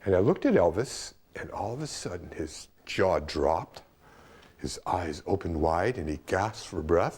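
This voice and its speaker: A man's voice: sits low, animated, a little slow, darkish tone, breathy edge. An older man being interviewed, recounting a memory dramatically and acting out the quoted speech. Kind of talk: animated storytelling reminiscence.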